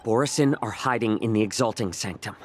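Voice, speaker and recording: A man's voice: on the low side, a little fast, close to an everyday voice. An actor playing an earnest young male messenger delivering urgent warnings in a game. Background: game music.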